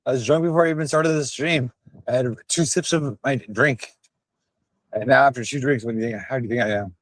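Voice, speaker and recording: Strolling outdoors along town streets, a slightly drunk man live streams from the phone in his hand, rambling and joking loudly with his viewers. He talks fairly quickly at a medium pitch, captured in a dry recording.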